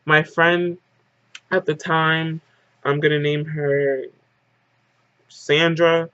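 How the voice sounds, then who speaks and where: A woman's voice: sits low, level tone, extremely slow, fairly bright tone, clean tone, dry recording. Rambling woman telling a story, dull lo-fi sound. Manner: rambling, fills nearly every phrase with "like"; dramatic retelling. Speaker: vlogger. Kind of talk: casual story-time monologue.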